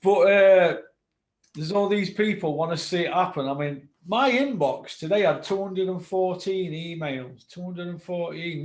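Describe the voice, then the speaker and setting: Man, casual chat, agreeable, fairly high voice, echoey room. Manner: agreeable, short replies, exasperated.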